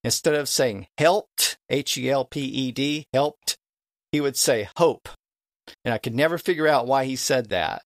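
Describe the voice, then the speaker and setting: A man's voice: mid-range voice, normal speed. A man speaks as a guest expert on a podcast, patiently walking through how old English dialects sounded. His voice sits in an ordinary middle register. Now and then he stretches a vowel to show how it was said, and the close microphone gives a dry sound with no room echo. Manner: lecturing, drawing out vowels to demonstrate old pronunciations. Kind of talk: explanatory podcast talk.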